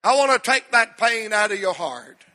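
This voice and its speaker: A middle-aged man preaching an emotional sermon as pastor in a church, with a drawn-out cadence that swells. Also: sits high, animated, bright, forceful tone. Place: church sanctuary. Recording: long hall reverb.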